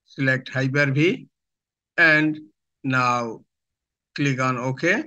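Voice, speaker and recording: A man who works as an IT instructor narrates a step-by-step software tutorial, giving slow instructions in short phrases with pauses between them. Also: mid-range voice, highs cut off.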